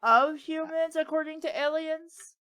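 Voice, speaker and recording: A woman with a fairly high voice comments on a fanfiction reading in an easy, slow way. She rambles through chatty asides and reactions. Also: steady tone, sharp tone. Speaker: fanfiction reader. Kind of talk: casual comedic commentary.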